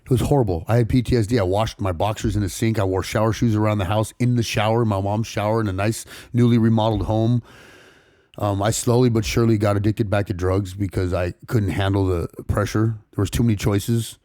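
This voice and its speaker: A low-voiced man rattles through his story at a fast clip, cursing freely and restarting sentences as he goes. His tone is dark and mellow. The recording is dry and close, with no room sound. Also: fairly even intonation, dry recording. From San Fernando Valley, California. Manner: rapid, profane street talk with frequent restarts. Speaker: podcast guest. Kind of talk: casual storytelling interview.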